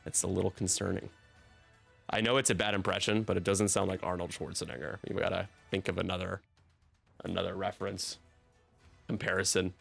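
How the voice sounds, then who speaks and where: Guy casting a tabletop game on stream, lowish gravelly voice, jokey and self-deprecating, bright tone. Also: level tone, fairly quick, long pauses, soft background music. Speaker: league commentator. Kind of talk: live stream game commentary.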